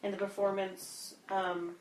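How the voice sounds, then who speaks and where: A woman at a tabletop game, reading rule text out to the table. Her voice has a middle pitch. The room is echoey. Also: level tone, unhurried. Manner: reads rules aloud. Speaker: player. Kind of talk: casual tabletop game chat. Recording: roomy room echo.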